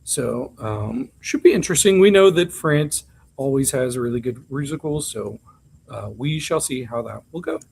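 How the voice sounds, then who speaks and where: A man's voice: mid-range voice, lively intonation, moderate pace, vocal fry, a little mellow, a little hiss or hum. A man co-hosting a podcast, recapping reality TV in a chatty, candid way with frequent ums and asides. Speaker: podcast co-host. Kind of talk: casual chat recapping reality TV.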